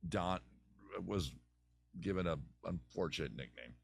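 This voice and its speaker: A man's voice: low voice, animated, unhurried, creaky, no room sound. A man hosting a comedy advice show, rambling and digressing in casual self-mocking chat, his voice a bit worn out after weekend shows. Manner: digressive, self-mocking, drops into a put-on Southern lawyer voice. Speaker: comedy podcast host. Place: his home in a city.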